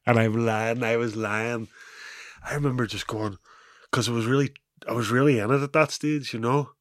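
A middle-aged man with a Northern Irish accent, telling a story casually as an interview guest, animated, with "bro" and "wee" and plenty of laughs. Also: medium pitch, moderate pace, dry recording. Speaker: guest, former rugby player.

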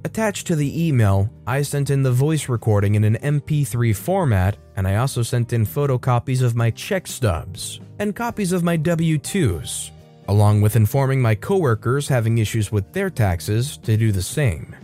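A man reading a Reddit story aloud as a narrator, steady and storytelling. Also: medium pitch, moderate pace, faint music behind.

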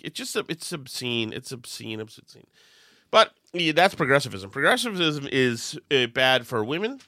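A man hosting a political talk show, sarcastic and mocking, with quick asides and laughs. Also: high-pitched, sharp tone, no echo, clean studio sound. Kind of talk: casual commentary.

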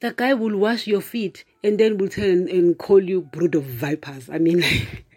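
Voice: mid-range voice, a little slow, a little mellow, husky. An online preacher talking casually to viewers, often laughing and calling the listeners "guys". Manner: chatty, addresses listeners as "guys", frequent "you know"; laughs often, with emphatic asides.

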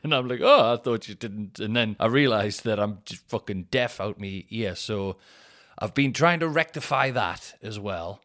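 A man hosting a casual solo podcast, sweary and ranting in an animated way. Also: fairly low pitch, normal speed. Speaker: podcast host. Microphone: headphones in, home podcast mic.

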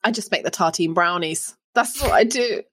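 A woman's voice: lowish voice, moderate pace, fairly bright tone, slightly rough. Playful woman podcast co-host. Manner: playful, laughs often. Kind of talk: casual chat about cookbooks.

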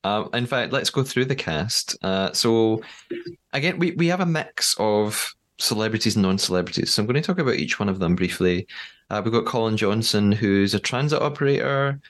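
A man with a fairly low voice hosts a podcast in a loose, chatty way. He laughs easily and fills pauses with "uh" and "um". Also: lively intonation. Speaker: podcast host. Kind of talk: casual podcast chat.

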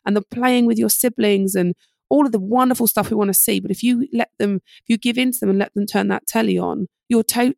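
A middle-aged woman coaching parents at a brisk clip, her voice carrying a gravelly fry. She acts out quick bits of parent-child talk as she explains, and the sound is close and dry. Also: medium pitch, dry recording. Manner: fast, animated advice with acted-out parent-child dialogue. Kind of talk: podcast interview.

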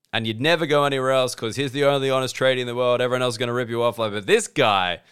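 A man's voice: medium pitch, fairly bright tone, clean tone. A man in his thirties with an Australian accent, rambling through a sardonic comedic monologue and acting out both sides of the conversations he describes. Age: 30s. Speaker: comedian and podcast host.

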